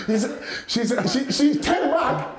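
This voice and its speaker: A young man from Ghana with a Ghanaian accent, telling a story in a casual interview, animated and laughing often as he acts out voices. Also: very high-pitched, echoey room. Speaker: guest boxer.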